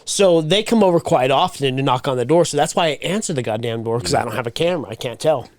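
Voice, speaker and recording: A man's voice: mid-range voice, lively intonation, fast talker. A man co-hosting a podcast in casual chat, joking, swearing freely and laughing easily. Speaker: podcast co-host.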